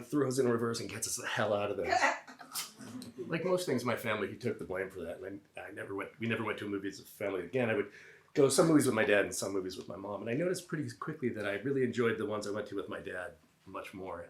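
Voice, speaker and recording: A man's voice: fairly low pitch, a little hiss or hum. A man in his fifties from the Boston area telling a personal story live, with a wry, self-deprecating, conversational delivery. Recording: roomy venue sound.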